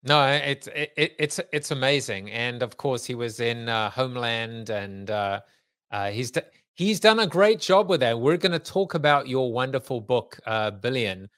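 A man's voice: medium pitch, expressive, normal speed, a bit bright, no echo, studio quality. A man from South Africa hosting a casual interview, chatty and jokey, with many hesitant fillers. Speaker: podcast host.

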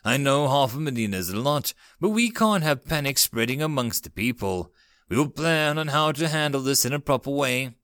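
A man voicing a calm, authoritative male starship captain. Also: mid-range voice, normal speed, smooth, no room sound, studio quality, lightly acted. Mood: commanding.

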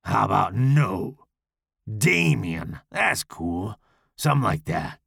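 A man voicing a crude, menacing, deformed slasher villain in a rough, gravelly growl for an audio horror story. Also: on the low side, very animated, slow pace, a bit bright, no echo, studio quality, pitched below the performer's own voice, heavily acted. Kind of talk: audiobook character voice.

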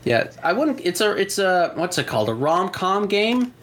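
Lively, curious man co-hosting a podcast. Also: high-pitched, normal speed, a little hiss or hum. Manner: asks eager, curious questions. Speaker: podcast co-host. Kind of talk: casual chat.

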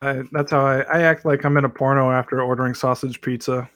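A man co-hosting a podcast who drops dry, deadpan jokes in casual chat. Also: mid-range voice, brisk. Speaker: podcast co-host.

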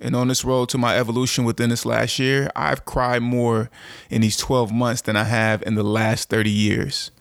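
A man in his thirties speaks to his audience in an earnest, reflective way, often restarting his sentences. His voice is flat and even, with a gravelly edge. The recording is dry and close, with no room sound. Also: mid-range voice, dry recording. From United States. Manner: earnest, halting, with many restarts and fillers. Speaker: motivational speaker and show host. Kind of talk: reflective personal monologue.

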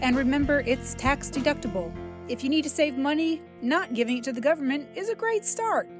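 A woman's voice: sits high, lively intonation, a little fast, over music. A woman hosting a podcast who reads the credits and drifts into joking, self-deprecating asides, talking with a sore jaw that she can barely open. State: struggling to open her mouth. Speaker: podcast host reading credits. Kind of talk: casual, rambling credits read.

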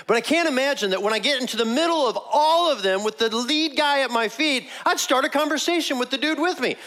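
A man preaching a sermon, telling the story with animated energy and frequent laughs. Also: very high-pitched, quick pace, hardly any pauses. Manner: animated storytelling, laughs often, acts out quotes. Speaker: pastor.

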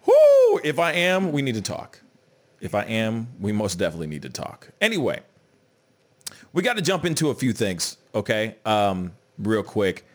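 A man hosting a casual podcast, talking in a loose, animated way, peppered with "you know what I'm saying" and "bruh". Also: on the low side, normal speed. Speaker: podcast host. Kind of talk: casual chat.

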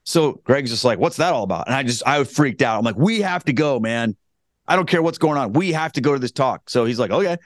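A man's voice: mid-range voice, expressive, brisk, no room sound, clean studio sound. Earnest man rambling through a testimony. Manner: earnest, rambling with frequent restarts. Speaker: guest telling his conversion story. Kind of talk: casual spoken testimony.

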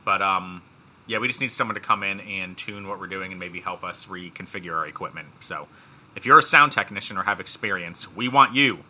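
A man's voice: low-pitched, brisk. A middle-aged man hosting a podcast in casual chat, with a slightly nasal voice and a joking, rambling way of talking. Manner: joking, rambling, bursts of loud laughter. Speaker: podcast host. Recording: faint background noise, cheap mics.

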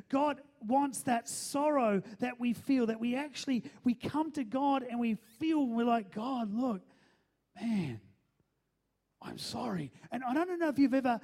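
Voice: medium pitch, darkish tone. A pastor preaching a sermon, stressing each point and often asking the listeners if they are following. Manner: keeps checking in with the listeners, emphatic.

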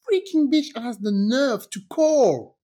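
A woman tells a dramatic personal story on a podcast in a lively, swooping voice. She acts out every person in it with sudden jumps in pitch, and she swears freely in casual chat. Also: moderate pace. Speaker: podcast co-host telling her story.

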